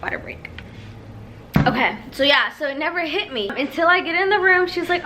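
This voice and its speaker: Young woman, high bright voice, chatty and emotional, faint background noise. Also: moderate pace, rough recording. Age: 20s. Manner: emotional, laughing, chatty storytelling. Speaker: vlogger. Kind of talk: casual chat.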